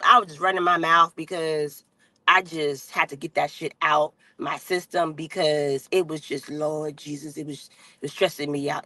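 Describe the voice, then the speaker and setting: A woman's voice: lowish voice, sharp tone, dry recording, low-quality recording. Fired-up woman ranting bluntly on a livestream. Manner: blunt, heavy cursing, emphatic repetition. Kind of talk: unscripted livestream rant.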